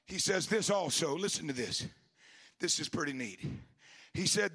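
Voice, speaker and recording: A man preaching a Pentecostal sermon, moving from quiet, halting talk to shouted, impassioned calls. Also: on the high side, expressive, husky. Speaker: pastor.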